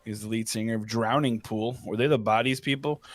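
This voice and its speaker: A man's voice: on the low side, steady tone, fairly quick, dry recording. A man co-hosting a casual gaming morning show, goofy and offhand, reading birthdays with mix-ups. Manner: goofy, offhand, mixes up names.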